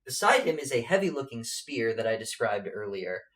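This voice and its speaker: A man narrating a tabletop game as game master, halting and filling pauses with lots of fillers. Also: medium pitch, sing-song, a bit bright, distant mic. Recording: echoey room, off-mic.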